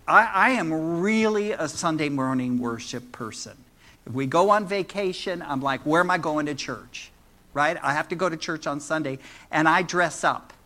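A man delivers a sermon in a church, his voice bright and slightly high for a man. He teaches in a loose, conversational way and drops playful jokes to the congregation as he goes. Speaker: minister.

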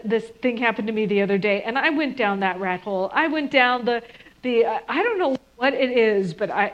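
A woman's voice: a little high, muffled recording. A woman gives a reflective spiritual talk to an audience and sometimes acts out harsh inner voices. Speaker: spiritual speaker.

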